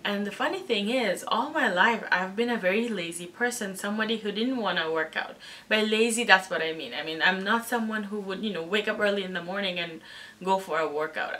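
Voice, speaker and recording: Candid woman vlogger, bright and a bit distant. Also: medium pitch, slight background noise. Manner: emotional, candid, halting. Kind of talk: personal storytime vlog.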